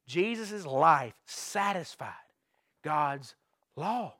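A pastor preaches in a strikingly high voice for a man. He is earnest, circles back over his phrases and keeps putting questions to the congregation. The sound is dry and close, with almost no room around him. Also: lively intonation, moderate pace, a bit bright, no room sound. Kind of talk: evening sermon. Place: church sanctuary.

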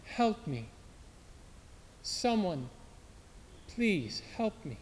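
A man's voice: high voice, big pitch swings, extremely slow, slight background noise, exaggerated voice. A man voicing a dying young soldier in agony, speaking in a strained, gasping way. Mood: crying out. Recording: long hall reverb.

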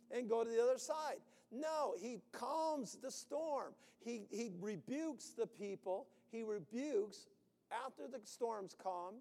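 Male preacher, high voice, animated delivery with bursts of shouting, long hall reverb. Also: a little slow. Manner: animated, acting out anxious voices with sudden shouts. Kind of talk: sermon.

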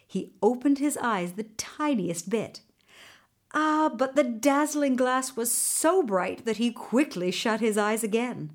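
Slow, gentle woman reading a storybook. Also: on the high side, expressive. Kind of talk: storybook narration.

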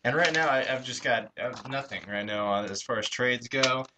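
A man co-hosting a casual sports radio show from a college station studio, jokey and quick to laugh. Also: medium pitch, noisy background. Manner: jokey, laughs often, mock pleading bits.

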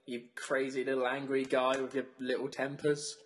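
A man in his twenties with a Southern English accent, co-hosting a student radio show with quick, teasing comic banter. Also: mid-range voice, flat delivery. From South of England.

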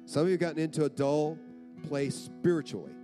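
A pastor preaching a sermon in a church, earnest, repeating phrases for emphasis. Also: male voice, a little high, a little fast, music in the background.

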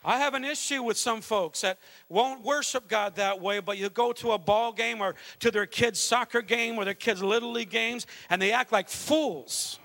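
A middle-aged pastor preaching a fervent sermon, mixing calls to worship with a conversational family story. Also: male voice, high-pitched, moderate pace, pushed and bright. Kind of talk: Pentecostal sermon.

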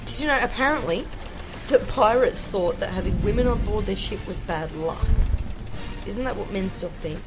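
A woman's voice: medium pitch, animated, moderate pace, over music, rough recording. A young woman co-hosting a casual podcast, jokey and giggly, now and then slipping into a pirate voice. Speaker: podcast co-host. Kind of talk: casual chat.

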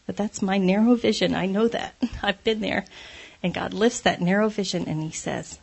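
Husky-voiced woman giving a candid devotional talk. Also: medium pitch, normal speed, hardly any pauses. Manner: candid, self-deprecating, laughs often. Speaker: speaker sharing a devotional talk.

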